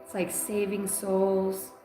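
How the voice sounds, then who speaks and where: A woman in the middle of a live-stream psychic reading, drawing out her words slowly and haltingly. She sounds dreamy and easily moved, with many filler words. Her voice carries through an echoey room over clear background music. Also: medium pitch, completely flat delivery, mellow. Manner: halting, dreamy and emotional, full of "like" and "uh". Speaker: psychic reader.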